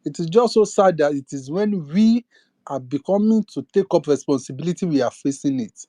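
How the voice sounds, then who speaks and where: A young Nigerian man speaks with a Nigerian accent in a slightly high voice, ranting with indignation and piling up rhetorical questions. The sound is close and dry, with no room around it. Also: lively intonation, a little fast, mellow, no room sound. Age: young adult. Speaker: speaker in an online audio space. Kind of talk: impassioned political rant.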